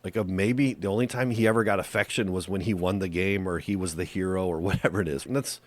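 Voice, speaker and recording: A man's voice: low voice, fairly even intonation, quick pace. A male podcast host giving faith-based relationship advice in an earnest, conversational monologue that leans on rhetorical questions.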